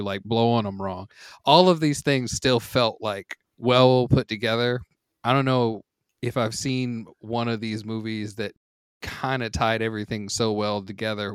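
A man's voice: medium pitch, clear, resonant tone, no room sound, clean studio sound. A man chatting casually on a movie podcast, retelling scenes animatedly and trailing off in fillers when summing up. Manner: animated retelling, acts out quotes. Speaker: podcast panelist. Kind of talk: casual movie review chat.

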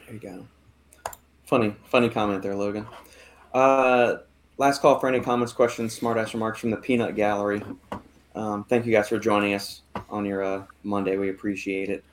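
Low-voiced American podcast host. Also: male voice, level tone, moderate pace, a little hiss or hum. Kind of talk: casual podcast chat.

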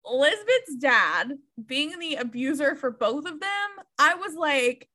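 A young woman talks through a book with a co-host in a loose, candid way. Her voice sits high and sounds bright and sharp. She laughs easily and drops swear words without a second thought. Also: very animated, slow pace. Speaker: podcast co-host. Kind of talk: casual book chat.

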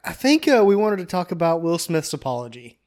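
A man's voice: fairly high pitch, sing-song, a little fast, darkish tone. A young man co-hosting a casual podcast in a laid-back, drawling way. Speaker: podcast co-host.

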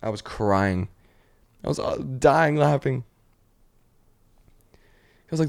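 A young man hosting a podcast, telling stories in a loose, rambling way with plenty of 'like's. His voice sits in a middle pitch and he keeps an everyday pace. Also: expressive, slow, vocal fry, long pauses. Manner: rambling storyteller, full of 'like', acts out voices. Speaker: podcast host. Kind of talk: casual chat.

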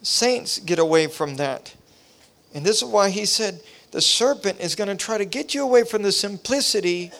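A man's voice: high-pitched, animated, normal speed, vocal fry. A man preaching a revival sermon, telling his own testimony with impassioned, repetitive preacherly cadence. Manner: impassioned, rising to near shouting. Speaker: pastor.

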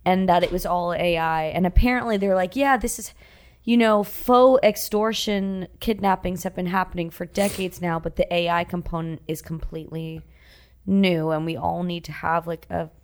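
A woman podcast co-host in casual chat, reacting with quick interjections. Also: fairly low pitch, steady tone, darkish tone.

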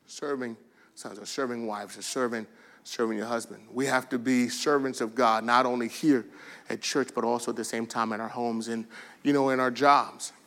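A pastor with a mid-range voice preaches a sermon, telling stories that swing between lively shouted bursts and quiet, soft asides.

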